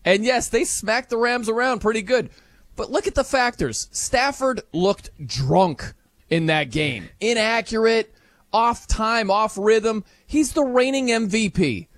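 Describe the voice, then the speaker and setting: A man hosting a sports talk show, animated and incredulous, laughing as he talks. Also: high voice, a little slow, dry recording.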